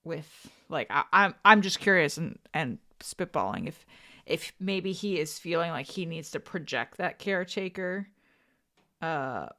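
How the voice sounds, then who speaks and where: A young woman co-hosting a casual podcast chat. Her voice sits low, but her pitch swings widely as she thinks aloud, circling back over her words with fillers and restarts before landing her point. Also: a bit bright. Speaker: podcast co-host.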